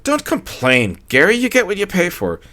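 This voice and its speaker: A male narrator voicing a bubbly, tipsy middle-aged wife with a high, gushing, theatrical voice. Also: huge pitch swings, moderate pace, sharp tone, heavily acted.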